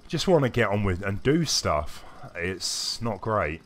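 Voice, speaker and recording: A man's voice: fairly low pitch, big pitch swings, a little slow. A British man live-streaming a game and chatting with viewers, feeling unwell and coughing now and then. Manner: rambling, chatty, answers chat by name. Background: faint game music.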